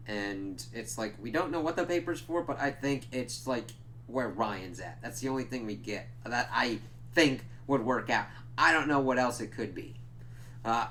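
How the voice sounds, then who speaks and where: A man casually recapping and reviewing a TV episode, swearing constantly and jumping into quick impressions of the characters. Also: lowish voice, a little hiss or hum. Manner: animated, swears a lot, mimics characters mid-recap.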